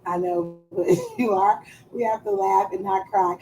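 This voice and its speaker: A woman's voice: mid-range voice, very animated, normal speed, a little mellow, a little hiss or hum, poor audio. A woman streaming live, chatting casually in a profane, teasing way and drawing out words for emphasis.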